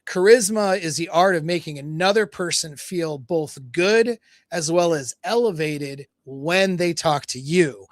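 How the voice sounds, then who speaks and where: A man coaching on dating over a livestream, his voice sitting a little high for a man. He rambles through a story and acts out quoted dialogue between his fillers. The sound is close and dry. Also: a little slow, dry recording. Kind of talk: livestream talk, retelling a story.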